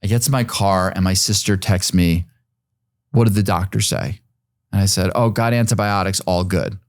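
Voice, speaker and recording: A man's voice: sits low, normal speed, no echo, clean studio sound. A man in his forties, a podcast guest, telling a personal story in a rambling, casual way, full of fillers and some swearing.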